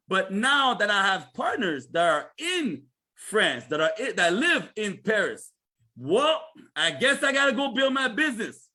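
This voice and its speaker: A man giving an energetic, chatty sales presentation on a livestream, repeating himself and asking listeners questions. He speaks with a Canadian accent. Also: sits high.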